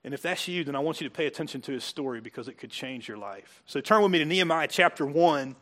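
A man preaching a sermon, animated and joking, building to excited emphasis. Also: on the high side, fast talker. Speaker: pastor.

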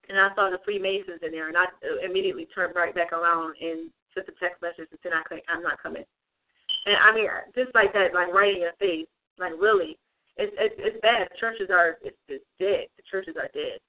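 An online religious speaker giving an informal livestream talk, rambling with many fillers and repeated phrases. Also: mid-range voice. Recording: tinny phone-like sound.

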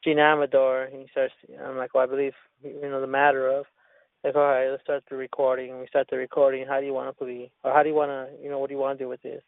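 A man's voice: mid-range voice, completely flat delivery, quick pace, dry recording. A man telling a rambling story in casual chat, with lots of profanity and restarts. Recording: tinny phone-line sound.

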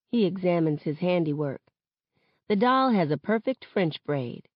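Low-voiced woman reading a novel. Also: measured pace, dry recording, lo-fi sound. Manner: steady first-person narration. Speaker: reader.

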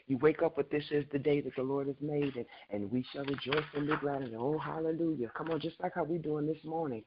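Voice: medium pitch, slightly rough, lo-fi sound. A preacher delivering a fervent sermon, reading scripture aloud, repeating words and calling out to the congregation.

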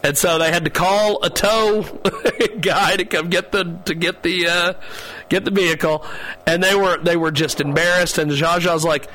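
A man hosting a radio talk show, chatting in a rambling, halting way with frequent laughter. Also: high-pitched, fairly even intonation, pushed and bright, slight background noise, poor audio. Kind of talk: casual radio chat.

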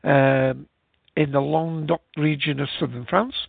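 A man hosts a loose, rambling live show, full of ums and uhs. His fairly high voice has a gravelly fry, and the sound is dry and tinny, like a phone line. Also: steady tone, unhurried, dry recording. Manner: rambling, chatty, many fillers. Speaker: podcast host. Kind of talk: casual live-show chat.

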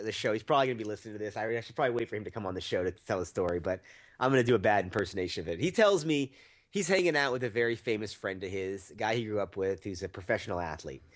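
A man co-hosting a movie podcast, telling stories in a rambling, profane, laughing way. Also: lowish voice. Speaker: podcast co-host. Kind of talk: casual movie-review chat.

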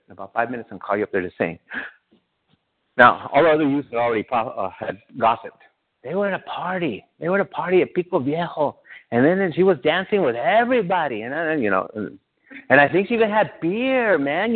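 Guy preaching, chatty, keeps asking the church stuff, sounds tinny like over a phone. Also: mid-range voice. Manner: conversational, asks the congregation questions. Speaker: pastor. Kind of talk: sermon.

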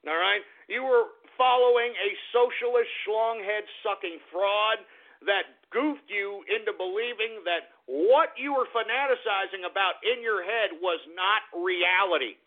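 A man hosting a radio talk show, delivering a profane, mocking political rant full of shouted insults. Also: high-pitched, vocal fry. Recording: tinny phone-like sound.

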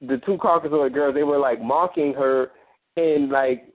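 A man's voice: a little high, moderate pace. Rambling man on a tinny phone line. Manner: rambling, full of fillers and restarts. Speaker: call-in line moderator. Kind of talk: casual phone-in discussion.

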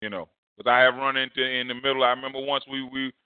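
A male pastor preaching a storytelling sermon, leaping high in pitch to act out a shouting crowd. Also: fast talker, clean tone, dry recording. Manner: animated, swings high to mimic a shouting crowd. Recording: dry, phone-like narrow sound.

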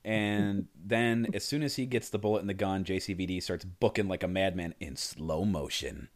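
A man's voice: deep voice, moderate pace. A man co-hosting a casual movie podcast, animatedly retelling scenes and acting out lines. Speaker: podcast co-host.

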